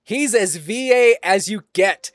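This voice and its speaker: A man's voice: high-pitched, animated, slow, dry recording. A man streaming a game who chats to viewers, laughs often and swears casually. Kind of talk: casual live-stream gameplay chat.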